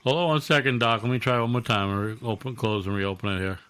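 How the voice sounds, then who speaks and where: A Boston man jokes and protests his innocence in loose podcast chat. His voice has a bright, forceful edge at a middle pitch. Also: fairly even intonation, quick pace, clean tone. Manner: defensive, laughing joker. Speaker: podcast co-host. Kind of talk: casual banter.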